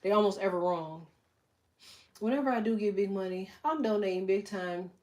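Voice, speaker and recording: A middle-aged woman talks loosely to her viewers in a live chat. Her delivery is blunt and emphatic, full of profanity, and her pitch sits in an ordinary middle range for a woman. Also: normal speed, darkish tone, highs cut off. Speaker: tarot reader and livestream host. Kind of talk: casual livestream chat.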